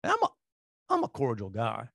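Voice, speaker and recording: A man's voice: medium pitch, a little fast, gravelly, no echo. Male co-host, casual storyteller who rambles and restarts, dry studio sound. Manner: rambling, animated anecdotes with restarts. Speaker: radio show co-host.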